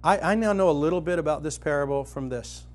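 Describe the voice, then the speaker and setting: A middle-aged man preaching a sermon, telling a personal story and retelling a parable, rising to loud excitement in the vivid parts and dropping soft in the tender ones. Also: fast. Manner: storytelling, grows animated and loud when dramatizing, soft and low when tender.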